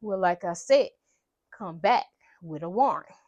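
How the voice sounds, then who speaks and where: A woman's voice: fairly low pitch, animated, measured pace, darkish tone, lo-fi sound, pitched below the performer's own voice. A woman voicing an uncooperative young woman, curt and dismissive with a cop.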